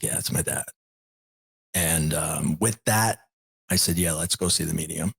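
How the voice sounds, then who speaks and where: A husky, fairly low-pitched man in his forties appears as a podcast guest. In an interview, he candidly retells a personal story, quoting plenty of dialogue along the way.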